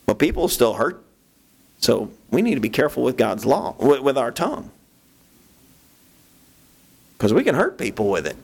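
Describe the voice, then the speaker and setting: A man preaching a sermon as pastor, talking conversationally with restarts and jumping into a high voice to act out his own thoughts. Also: normal speed, vocal fry, pauses often, breathy edge. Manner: animated, acts out his own inner voice in sudden high bursts; conversational, with frequent restarts and "you know".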